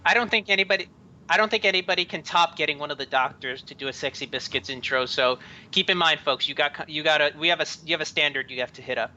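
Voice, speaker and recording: Bright-voiced man hosting a lo-fi call. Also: a little high, fast talker. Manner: stammers and restarts, laughs often. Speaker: podcast host. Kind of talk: casual group chat over a call.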